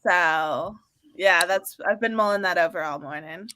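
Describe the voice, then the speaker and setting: A woman's voice: fairly low pitch, unhurried, sharp tone, slight background noise. A woman co-hosting a live stream, chatting in a casual, upbeat way with lots of fillers. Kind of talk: casual chat. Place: home or office, working from New York.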